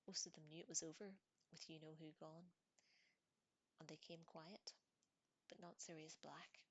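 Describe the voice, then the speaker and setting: An excitable young bus conductor gossips in a dramatic whispered storybook reading, as a woman puts him on. The voice sits low and husky, with a breathy hush. He leans in as if sharing a secret. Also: normal speed. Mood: gossipy.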